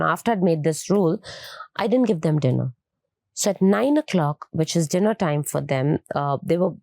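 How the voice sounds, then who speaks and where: A woman's voice: fairly low pitch, dry recording. A middle-aged woman from India, a fitness trainer telling stories as a podcast guest, acting out the dialogue as she goes. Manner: animated storytelling, acts out dialogue. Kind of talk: casual interview talk.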